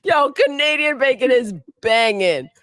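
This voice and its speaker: A woman's voice: high-pitched, lively intonation, unhurried, fairly bright tone, dry recording, clean studio sound. A woman in casual podcast chat, playfully teasing the others.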